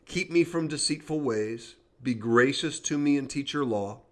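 A man hosting a devotional podcast, reading scripture aloud at a steady pace and adding short plain comments. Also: medium pitch, normal speed. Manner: reads scripture aloud with brief comments and prayer. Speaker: podcast host.

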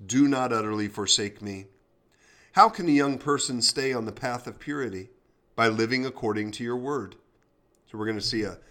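Man, podcast host, devotional bible reading, bright tone, steady plain delivery. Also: medium pitch. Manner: reads scripture aloud with brief comments and prayer.

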